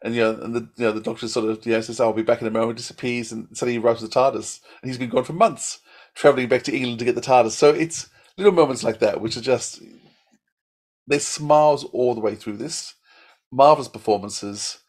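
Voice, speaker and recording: An older man as a podcast guest, reviewing in a rambling, halting way full of restarts. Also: medium pitch. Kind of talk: casual review chat.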